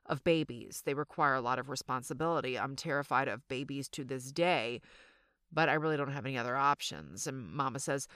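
A woman's voice: a bass voice, brisk, fairly bright tone, dry recording, studio quality. A middle-aged woman with a Southern accent, hosting a storytelling podcast in a chatty, self-deprecating way. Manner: chatty, self-deprecating, addresses listeners as y'all. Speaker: podcast host.

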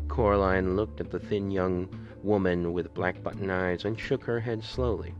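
A man reading a storybook aloud as a podcast narrator, in a measured, steady way. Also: low-pitched. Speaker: podcast reader. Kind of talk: audiobook narration. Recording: dull lo-fi with faint music.

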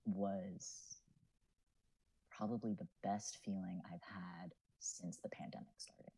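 A man's voice: low voice, level tone, slow, dark tone, slightly rough, low-quality recording. A man in his twenties, a student writer and podcast guest, talking in an earnest, reflective way with many fillers. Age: 20s. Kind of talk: casual podcast chat.

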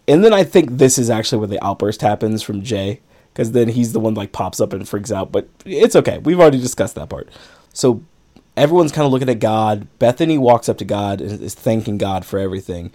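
A man's voice: medium pitch, mellow. Chatty man recapping a film. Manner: rambling, laughs often, filler "like". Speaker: podcast host. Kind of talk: casual chat, recapping a film.

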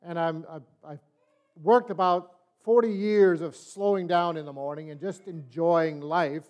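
An older man teaches a Bible study, telling parables in a relaxed, conversational manner. His voice sits fairly high for a man. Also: a little slow. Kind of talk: sermon-style storytelling and teaching.

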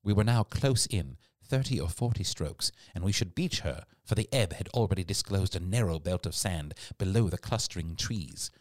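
A man narrating a classic adventure story in an expressive storytelling read. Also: deep voice, normal speed, hardly any pauses, no room sound, studio quality. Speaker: audiobook narrator. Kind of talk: scripted narration.

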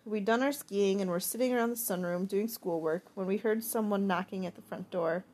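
Brief: woman audiobook narrator, breathy tone, reflective first-person reading. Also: mid-range voice, fairly quick, a little mellow.

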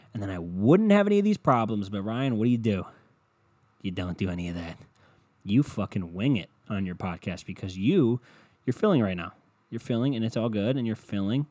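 A podcast host with a lowish, slightly mellow voice launches into a casual comedic rant. He's sarcastic, profane and rambling. There's no echo on the recording.

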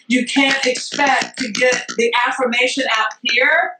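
A woman chef telling a story as a guest, expressive and loud, acting out what people said. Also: sits high, measured pace. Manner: expressive, acts out quotes, exclaims loudly. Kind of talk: animated storytelling chat. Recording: echoey room, distant from mic.

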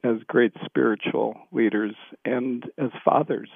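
A man in his sixties, a priest, telling stories in a relaxed way with frequent ums and restarts, as a guest on a radio interview. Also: medium pitch, measured pace, creaky, slightly rough, no room sound. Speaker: priest, seminary formation director. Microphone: phone. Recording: tinny phone line.

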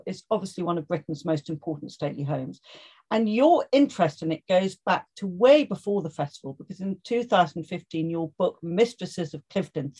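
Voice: medium pitch, darkish tone. A podcast co-host greeting a guest politely and building a long, detailed question. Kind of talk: interview hosting.

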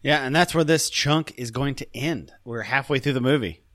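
A man co-hosting a podcast in casual chat, quick and sarcastic. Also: medium pitch, fairly bright tone, no room sound, clean studio sound. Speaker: podcast co-host.

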